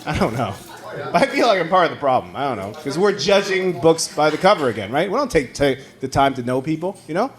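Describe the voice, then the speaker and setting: A man's voice: on the high side, fast. A man from Taiwan, whose first language is Mandarin, doing a conversational stand-up comedy set in a comedy club. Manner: animated, conversational storytelling. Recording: live club recording with loud audience laughter.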